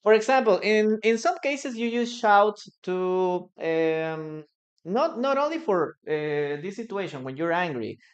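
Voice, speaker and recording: This is a live online English lesson led by a teacher whose first language is Spanish. The explanations come slowly, full of hesitations and repeated phrases, in a mid-range voice.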